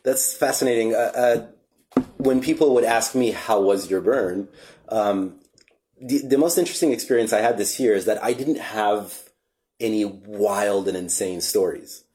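Laid-back, low-voiced podcast host. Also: male voice, measured pace. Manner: relaxed and reflective, swears casually. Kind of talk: casual podcast chat.

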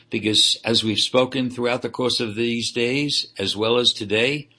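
A man's voice: medium pitch, pushed and bright, husky. A man co-hosting a religious broadcast, speaking in an earnest, preacher-like way with occasional stumbles.

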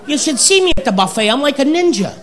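A man with a strikingly high voice rants through a stand-up bit, leaning into loud, drawn-out punchlines. The live club recording is noisy, with a crowd laughing behind him. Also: big pitch swings. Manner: ranting, drawn-out shouted punchlines. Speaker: stand-up comedian. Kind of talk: stand-up routine. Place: comedy club stage. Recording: live club set with audience laughter and noise.

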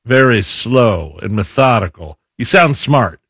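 Animated male political talk host. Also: medium pitch, a little slow, husky, no room sound, studio quality. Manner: casual, restarts, animated. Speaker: show host. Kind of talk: political commentary chat.

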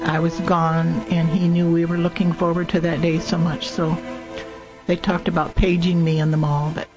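A woman's voice: fairly low pitch, level tone, moderate pace, rough recording. An older woman being interviewed, telling a personal memory in a plain, earnest way. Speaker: interviewed mother of a fallen soldier. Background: faint music.

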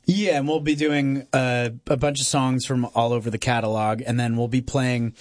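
A man's voice: mid-range voice, steady tone, moderate pace, dry recording. Rambly rock band guy on a radio chat, dry studio sound, lots of ums and laughs. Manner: rambling, laughing, many fillers. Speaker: band frontman guest. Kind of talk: casual radio interview.

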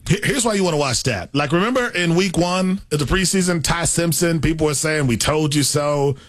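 A man's voice: fairly high pitch, fairly quick. A man co-hosting a sports talk show, giving opinionated takes and thinking aloud.

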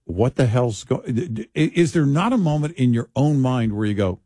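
Texas-raised male co-host, husky voice, very lively pitch, dry studio sound. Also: normal speed, no room sound. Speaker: radio talk show co-host. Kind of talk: casual talk radio chat. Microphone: studio microphone.

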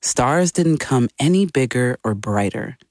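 A man giving scripted documentary narration with measured, dramatic pacing. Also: mid-range voice, expressive, a little mellow, dry recording, studio quality.

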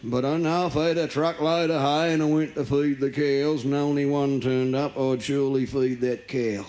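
A man's voice: mid-range voice, steady tone, a little mellow, voice pushed down, close to an everyday voice. An Australian man doing a drawling old cattle farmer. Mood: dry. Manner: slow, drawling, matter-of-fact. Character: plain-spoken old male cattle farmer.

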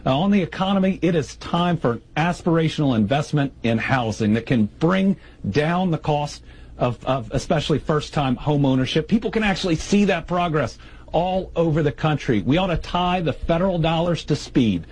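A man's voice: a little high, animated, normal speed, darkish tone, husky, rough recording. A male governor answering in a television interview in a plain, folksy way. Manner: folksy, plain-spoken politician. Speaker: state governor.

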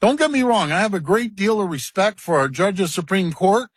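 A politician speaking at a news conference, blunt and indignant in manner. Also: male voice, high-pitched, expressive, brisk, breathy edge, no room sound, studio quality.

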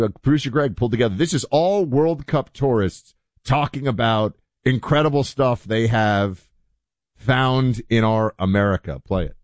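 A man hosting a talk show, chatting in an animated, conversational way with plenty of asides. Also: mid-range voice, no room sound. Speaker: show host. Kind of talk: opinion talk show commentary.

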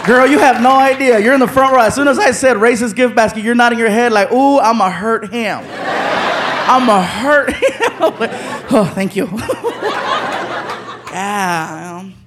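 A man's voice: extremely high pitch, moderate pace, noisy background. A man performing a stand-up routine, chatting with the audience and laughing at his own asides. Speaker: stand-up comedian. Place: comedy stage before a live audience.

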